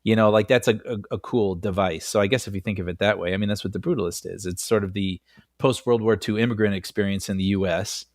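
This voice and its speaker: A man co-hosting a film podcast in casual chat, animated and laughing often as he talks, on a close studio mic. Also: lowish voice, fast, no room sound. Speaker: podcast co-host.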